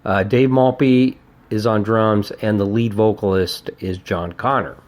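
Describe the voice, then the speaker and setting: A man hosting his own podcast, reviewing an old album in a casual, rambling way, swearing often and getting excited about the music. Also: lowish voice, measured pace. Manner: profane, rambling and enthusiastic. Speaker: podcast host.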